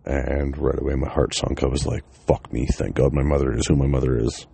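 A man's voice: extremely low pitch, little pitch movement, a little fast, vocal fry, mellow, slightly rough, dry recording. A man, casually telling a personal story, swearing often and laughing between lines.

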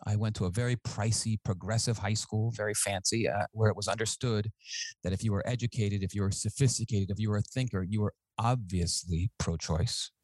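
A man, a physician and author, telling his story as a guest in a radio interview, earnest and measured with small restarts. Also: lowish voice, steady tone, darkish tone, dry recording, poor audio.

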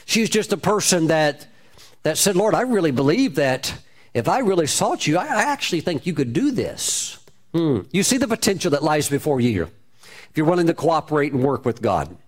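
A man's voice: a little high, very animated, moderate pace. A man preaching a sermon, telling a story with repeated phrases and shifting emphasis. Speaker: pastor.

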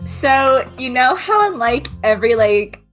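Giggly high-voiced woman player. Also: measured pace, faint music behind, low-quality recording. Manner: animated, giggly, rambling. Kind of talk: casual play chat on a call.

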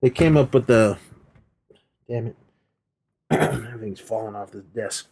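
A man's voice: medium pitch, measured pace, creaky, noisy background. An American man co-hosting a podcast, casually recapping movie scenes. He laughs often, swears freely and restarts sentences as he tries to remember what happened. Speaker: podcast co-host.

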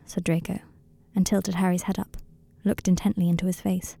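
Gravelly-voiced woman reading a story. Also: on the low side, normal speed, hardly any pauses, dry recording. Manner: calm, steady narration. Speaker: narrator. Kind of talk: audiobook reading of a fan story.

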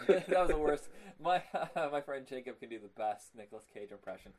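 A man co-hosting a podcast in casual chat, animated and quick to laugh. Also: mid-range voice, crowd noise, low-quality recording. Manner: animated, laughs easily, breaks into silly impressions. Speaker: podcast co-host.

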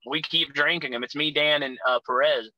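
Rowdy, profane man with a bright voice. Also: fairly high pitch, steady tone, moderate pace, no echo, low-quality recording. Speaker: guest, pro wrestler. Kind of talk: casual podcast storytelling.

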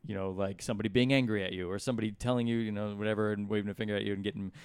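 A man's voice: lowish voice, steady tone, racing, a little mellow, smooth, no room sound. A middle-aged man telling rambling stories in casual chat, with lots of fillers and restarts. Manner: rambling anecdotes with many fillers. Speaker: guest comedian and musician. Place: hotel room.

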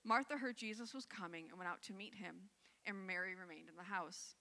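A woman's voice: medium pitch, fairly quick, gravelly, bright, forceful tone, in a large hall. A woman pastor giving a sermon, reading scripture aloud and then reflecting on it in a conversational way.

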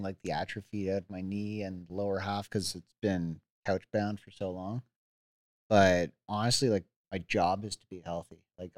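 A mountain biker in his thirties, with a deep voice and no echo, is a guest in a laid-back, casual chat telling stories about his injuries. He uses many "likes" and restarts.

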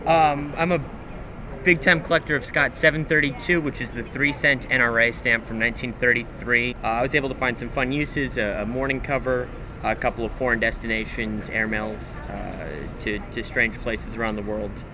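A man's voice: mid-range voice, fairly even intonation, normal speed, background noise. A young man, an auction house president, talking eagerly and in detail about his stamp collection at a busy stamp show. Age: young adult. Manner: enthusiastic, detailed, with frequent fillers. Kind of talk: casual interview at a stamp show.

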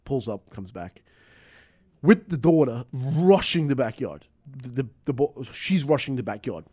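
A man's voice: medium pitch, big pitch swings, unhurried, warm tone, husky, dry recording, studio quality. A man as a podcast guest, telling a rambling story in a casual, loose way, laughing often and swearing freely.

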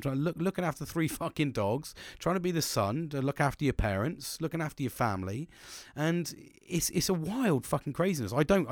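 A man's voice: medium pitch, no echo. Swearing, rambling man, dry sound. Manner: rambling, heavy swearing, frequent restarts. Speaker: podcast host. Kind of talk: candid personal monologue.

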